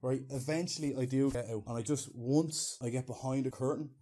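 Brief: young Irish man, mellow mid-range voice, crude animated storyteller. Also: mid-range voice, fairly quick. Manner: animated and crude, with loud shouted outbursts. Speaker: vlogger. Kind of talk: comic storytime monologue.

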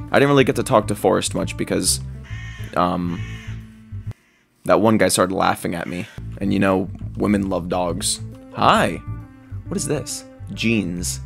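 A man giving excitable, jokey commentary while playing a survival game, squealing high whenever he is delighted. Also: unhurried, gravelly, long pauses, faint music behind. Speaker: gaming video creator.

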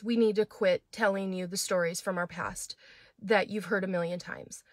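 A middle-aged woman pastor teaching scripture in a lively, conversational way, with fillers and restarts. Her voice sits at a medium pitch. It is recorded close and dry, with no room sound. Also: no room sound. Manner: animated, acts out quoted voices, fillers and restarts. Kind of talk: teaching a Bible chapter, conversational.

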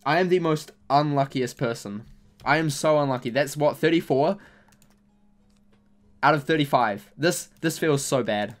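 Soft music plays in the background as a young gaming YouTuber opens game packs at a moderate pace, his voice on the high side. He commentates casually but keeps complaining about his bad luck in exasperated, repetitive, mock-angry bursts.

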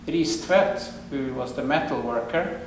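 A man giving a measured lecture, explaining and quoting from a diary. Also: mid-range voice, distant mic, slight background noise. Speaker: museum director giving a lecture. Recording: echoey hall, voice off-mic.

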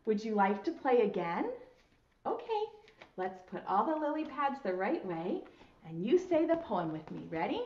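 A woman preschool teacher talking to young children on video in a sing-song, slow, exaggerated way, full of praise, at her school. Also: on the high side, very animated, a little mellow. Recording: roomy, slightly dull lo-fi sound.

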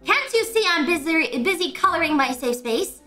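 A woman's voice: extremely high pitch, lively intonation, moderate pace, over music. A woman voicing a touchy, easily offended young man in a game, reading his dialogue aloud in an indignant, prim, melodramatic manner.

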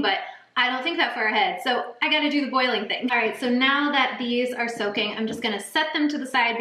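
A woman's voice: a little high, bright, forceful tone, echoey room. A young woman hosting a casual home cooking tutorial, chatty and bubbly as she talks straight to her viewers. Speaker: cooking channel host. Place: home kitchen.

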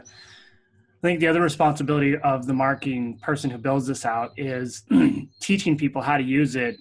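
Man making steady marketing points. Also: mid-range voice, low-quality recording. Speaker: podcast co-host. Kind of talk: casual business chat.

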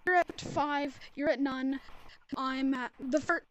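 A young woman hosting a casual multiplayer game, bossy and quick with instructions and scores. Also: high-pitched, steady tone, dull audio. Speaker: game host running rounds.

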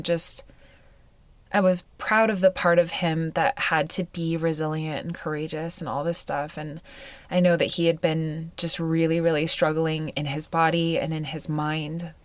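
A woman hosting a personal podcast, weepy and close to tears, speaking in halting, searching phrases with frequent sighs. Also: sits low, flat delivery, no echo. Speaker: podcast host.

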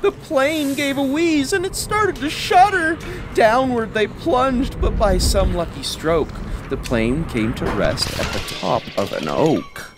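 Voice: medium pitch, lively intonation, slow pace, over music. A reader narrating a bedtime story aloud with chatty explanatory asides. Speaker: children's book reader.

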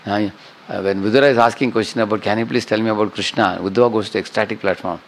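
Middle-aged man, lecturer; low, creaky, conversational teaching that keeps checking in with listeners. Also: fairly even intonation, fast, slight background noise, poor audio. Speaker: spiritual teacher. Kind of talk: scripture class lecture.

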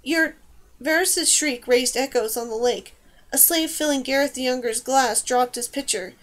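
High-voiced woman reading a fantasy story. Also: moderate pace. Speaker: audiobook reader. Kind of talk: scripted narration.

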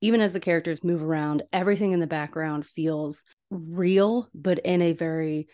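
A young adult woman hosting a podcast, chatting casually and gushing about an old animated film. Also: sits low, moderate pace. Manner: gushing, enthusiastic, chatty with laughs. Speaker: podcast host. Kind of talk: casual film rewatch commentary.

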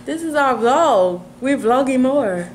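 A woman's voice: sits high, lively intonation, slow pace, a little hiss or hum, poor audio. A young woman vlogging at home, chatting upbeat to the camera about her plans. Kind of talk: casual chat to camera. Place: at home, indoors. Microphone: handheld camera.

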